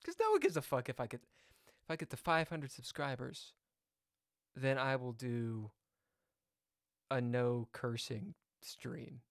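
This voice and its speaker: A man's voice: mid-range voice, very animated, measured pace, long pauses, no echo, studio quality. A man chatting casually on a live chess stream, reading viewer comments aloud and jumping from topic to topic. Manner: chatty, jumps between topics, reads chat aloud.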